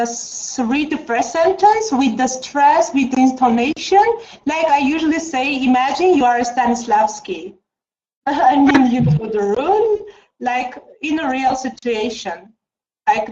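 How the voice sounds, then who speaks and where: A woman teaching an English class online, slow and coaxing, with many mm-hmms. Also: high-pitched, a little mellow, a little hiss or hum. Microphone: video call. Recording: dull lo-fi video call.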